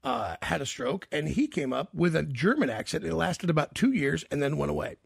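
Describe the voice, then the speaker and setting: High, gravelly male radio host. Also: big pitch swings, fairly quick, no echo, studio quality. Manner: rambling, jokey, trails off with fillers. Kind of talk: casual radio interview.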